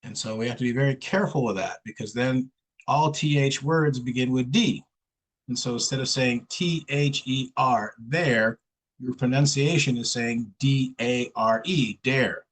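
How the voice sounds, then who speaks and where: During an online one-on-one lesson, a man teaches English pronunciation, patiently and slowly repeating sounds for his student to copy. His voice is medium-pitched, and the recording is rough.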